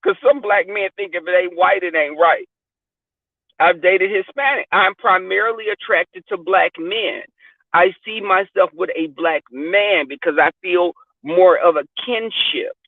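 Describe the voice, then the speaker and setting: Casting: high-pitched man, blunt profane storyteller, dry close sound. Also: unhurried, no echo. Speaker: podcast host. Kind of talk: candid casual chat. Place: car. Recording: dry tinny phone-like sound.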